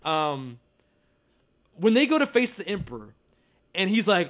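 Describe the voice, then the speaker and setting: High, lively young guy for a snarky casual film rant with lots of swearing. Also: a little slow. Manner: animated, sarcastic, swears often, acts out quotes. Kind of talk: casual movie discussion.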